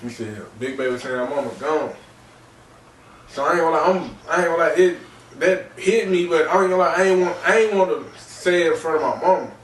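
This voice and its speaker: A man hosting a podcast, recounting a personal story in a halting way, repeating phrases and filling gaps with "man" and "you know.". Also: sits high, slight background noise. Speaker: podcast host. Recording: roomy distant mic with faint ambience.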